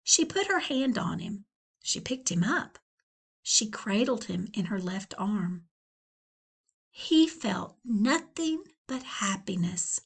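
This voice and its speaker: A woman librarian reads a children's novel aloud to young students, taking her time. Her voice moves up and down expressively, keeping the story lively at a slow, clear pace. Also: on the high side. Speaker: school librarian. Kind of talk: children's book read-aloud.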